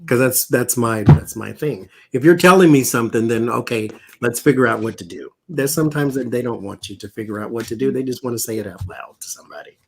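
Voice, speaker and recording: A man co-hosting and chatting casually, easygoing and quick to laugh. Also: mid-range voice, animated, vocal fry, slightly rough. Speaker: co-host. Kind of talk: casual chat.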